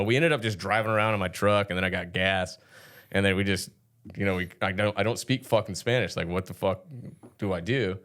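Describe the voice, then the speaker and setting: Low-pitched man, rambling, swears freely, casual podcast chat. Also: quick pace, a bit bright. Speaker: podcast co-host.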